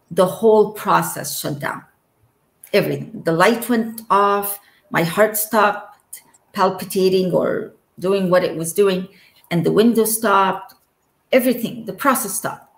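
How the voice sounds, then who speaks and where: A woman's voice: mid-range voice, creaky. A woman telling of her near-death experience as a guest, in an earnest way and acting out the words spoken to her. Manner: earnest, slow storytelling that acts out remembered dialogue. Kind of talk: personal testimony. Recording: echoey room.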